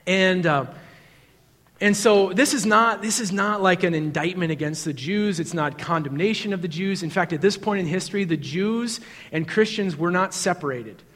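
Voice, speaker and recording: A man preaching a sermon. He talks in a conversational way and swings from loud to hushed, intimate passages. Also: high-pitched, normal speed. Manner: conversational with fillers like "um" and "like". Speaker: pastor. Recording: long hall reverb.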